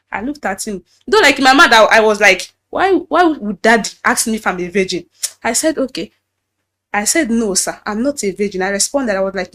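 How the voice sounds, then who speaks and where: A woman's voice: mid-range voice, a bit bright. Nigerian woman giving personal testimony. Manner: recounts dialogue, acts out the pastor's lines in a raised voice. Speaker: testimony giver.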